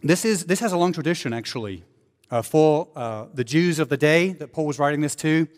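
A man preaching a sermon as pastor, animated, with joking asides and sarcasm. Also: fairly high pitch, a little fast, in a large hall.

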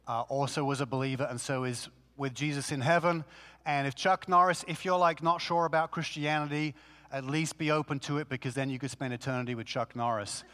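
A man's voice: medium pitch, a little fast. Conversational preacher man in a reverberant hall. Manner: conversational and animated, with rhetorical questions. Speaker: pastor. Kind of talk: sermon.

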